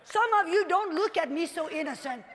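A woman preaches an animated sermon in a very high voice and often rises to shouting. Her voice rings out with a long reverb in a church hall. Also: brisk, over a noisy crowd, heavy background noise.

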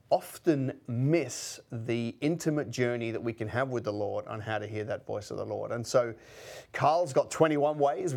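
A man's voice: medium pitch, darkish tone. Upbeat male podcast host. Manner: upbeat, filler-heavy speech. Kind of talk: podcast introduction.

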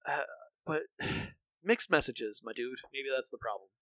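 A man's voice: medium pitch, animated, a little slow, a bit bright, dry recording. A man co-hosting a podcast, recapping a cartoon episode in a rambling, casual way with many fillers and restarts. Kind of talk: casual chat.

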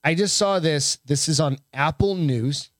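Man, podcast co-host, sarcastic, foul-mouthed, slightly high voice, dry sound. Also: measured pace, no echo. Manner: profane, sarcastic reading aloud. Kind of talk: casual bar-style podcast chat.

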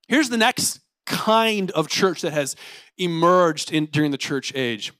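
Young pastor guy preaching, high voice, super casual and animated, dry close sound. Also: a little slow, dry recording. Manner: casual, energetic, says "like" often; animated and playful. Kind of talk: sermon.

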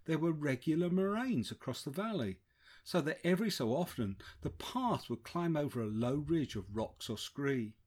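A man narrating a first-person travel memoir in a measured, descriptive way. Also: on the high side, a little mellow. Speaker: audiobook narrator.

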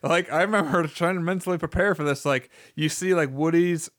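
A man's voice: fairly high pitch, fairly quick, a bit bright, dry recording, studio quality. A man in his thirties co-hosting a casual podcast chat, recounting eagerly with many fillers. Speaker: podcast co-host.

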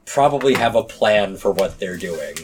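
A man chatting casually as a player in a tabletop game, animated and often restarting his sentences. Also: fairly low pitch, moderate pace, noisy background.

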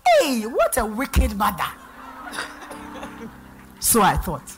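A middle-aged woman pastor from Ghana with a Ghanaian accent, preaching a sermon in church and swinging between loud and soft. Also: fairly high pitch, huge pitch swings, drawn-out words, long pauses, heavy background noise.

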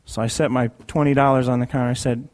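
A man's voice: mid-range voice, steady tone, fast, a little mellow. Emphatic man telling a testimony. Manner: conversational, emphatic, repeating key phrases. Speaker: speaker sharing a personal testimony. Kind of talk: sermon storytelling.

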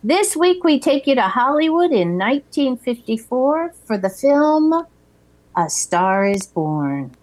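A middle-aged woman hosting a podcast, chatting in a lively, laughing, expressive way. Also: high-pitched, takes it slowly. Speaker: podcast host. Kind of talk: casual chat.

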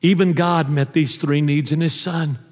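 A male pastor preaching a sermon in a church, telling stories and dropping low and soft on tender lines. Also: steady tone, normal speed. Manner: storytelling, drops low and soft on intimate lines. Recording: long reverb of a church hall.

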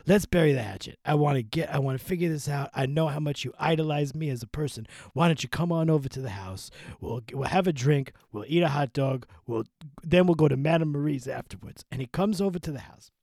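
A man doing a comedic impression of a boastful, rambling male rock singer with a croaky, raspy voice. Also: fairly high pitch, a little fast, a little mellow, no room sound, clean studio sound. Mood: blustery. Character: gruff famous male rock singer, blustery.

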